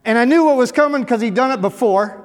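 This middle-aged man, formerly a police officer, talks fast in a very high-pitched voice while telling an audience humorous tales. His humor is dry and self-deprecating, his style folksy, and the sound echoes like a hall.

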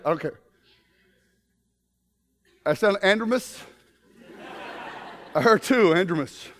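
A man preaching a lively sermon, joking with the congregation and acting out Bible characters as he goes. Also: extremely high pitch. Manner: playful, jokes with the crowd, acts out Bible characters. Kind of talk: animated sermon. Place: church sanctuary. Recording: long reverb of a large hall.

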